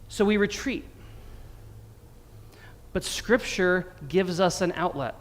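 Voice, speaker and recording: An American man preaching from the pulpit, his voice sitting high for a man. He talks to the congregation conversationally and slips in dry jokes. A long church reverb trails each phrase. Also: slow. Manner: conversational, wry humor. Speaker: pastor. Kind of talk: sermon. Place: church sanctuary.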